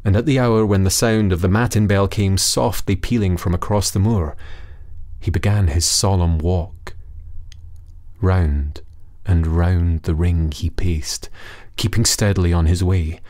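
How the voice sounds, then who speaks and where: Guy narrating an old fairy tale, steady measured reading, lowish voice. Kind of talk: storybook narration for listening practice.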